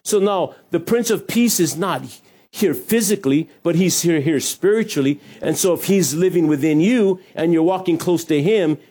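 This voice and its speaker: Man preaching a relaxed sermon. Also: on the high side, moderate pace. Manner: conversational preaching with jokes and asides. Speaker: pastor. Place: hot church room.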